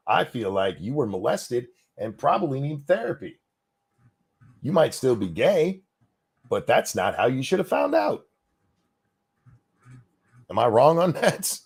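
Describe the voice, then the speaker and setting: A man with a gravelly, husky voice rants on a casual podcast, heated and sarcastic, swearing freely. His pitch swings widely as he mocks and fumes, and his speaking pitch sits in a middle range. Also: big pitch swings, measured pace, pauses often, a little mellow. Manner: profane, sarcastic, heated ranting. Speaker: podcast co-host.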